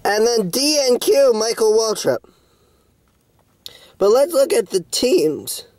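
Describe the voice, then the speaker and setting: A man vlogging in a halting, rambling way, full of restarts and fillers, with a melodramatic, self-pitying tone. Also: very high voice, very animated, darkish tone, no echo. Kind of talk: rambling video diary.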